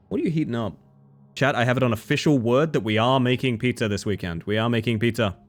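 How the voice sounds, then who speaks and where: A man streaming live and chatting casually with his viewers, animated, often breaking into high squeals and laughter. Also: fairly quick, soft background music. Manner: chatty, thanks viewers warmly.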